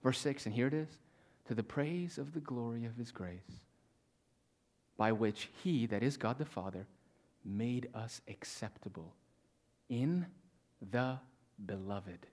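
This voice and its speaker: A male pastor preaching a sermon to a congregation, reading scripture with slow stressed pauses and swinging between loud emphasis and hushed near-whispers. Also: medium pitch. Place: church in front of a congregation.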